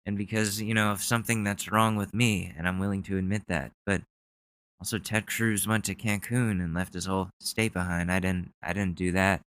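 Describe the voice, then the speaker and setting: A man's voice: low voice, little pitch movement, normal speed, fairly bright tone, smooth, no echo. Sarcastic young man hosting a podcast. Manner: rambling, sarcastic, swears freely. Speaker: podcast host. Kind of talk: casual commentary.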